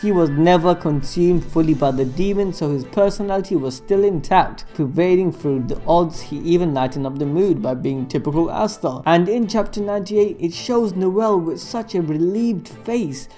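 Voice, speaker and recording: A man's voice: high voice, normal speed, few pauses, warm tone. A man narrating an anime commentary voice-over in a casual, sarcastic way, with slang and the odd swear word. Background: faint background music.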